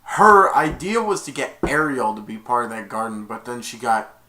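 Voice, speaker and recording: A man's voice: medium pitch, very animated, moderate pace, noisy background. A man casually recapping a cartoon's plot, rambling and correcting himself as he goes. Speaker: movie reviewer.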